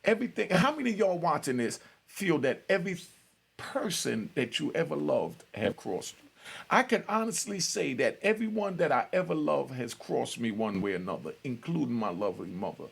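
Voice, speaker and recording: A middle-aged man with a gravelly, husky voice tells a story in loose street talk. He acts out both sides of old phone calls, slipping from one speaker to the other in an easy, conversational way. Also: fairly high pitch, sing-song, normal speed. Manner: street-talking, retells conversations with quoted voices. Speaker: storyteller host. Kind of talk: casual spoken storytelling.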